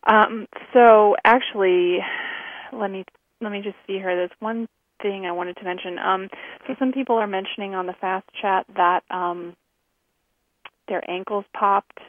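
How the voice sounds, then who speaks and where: A woman co-hosting a talk show, speaking in a casual, hesitant way with many pauses and fillers. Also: mid-range voice, fairly even intonation, no room sound. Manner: hesitant, many ums and restarts. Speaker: co-host. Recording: dry phone-like line.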